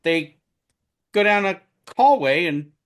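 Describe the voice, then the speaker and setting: A man co-hosting a casual podcast chat, telling animated stories about covering a trial, his voice getting loud and booming when he gets excited. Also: takes it slowly, smooth. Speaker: podcast co-host who covered a trial as media.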